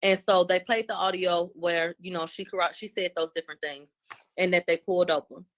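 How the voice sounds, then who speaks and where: Woman commentator, casual animated recap, slangy and loose. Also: lowish voice, fairly quick. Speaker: commentator recapping court testimony.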